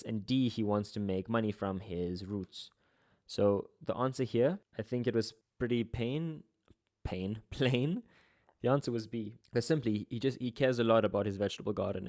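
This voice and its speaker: Young dude going over an exam, kinda low voice, super casual, lots of likes and ums. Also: male voice. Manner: relaxed, slangy, chatty with frequent fillers. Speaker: tutor.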